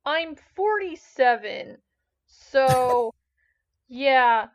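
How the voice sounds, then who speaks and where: A man's voice: very high voice, animated, drawn-out words, exaggerated voice. A woman voicing a blunt, dismissive male ride coworker in his forties. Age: 40s. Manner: curt, dismissive.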